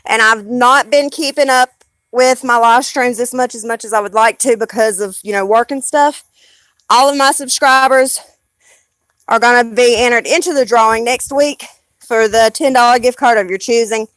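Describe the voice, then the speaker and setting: A woman's voice: a little high, steady tone, moderate pace, fairly bright tone, no echo. A woman with a Southern US accent chatting casually on a live stream, rambling and blunt, swearing freely.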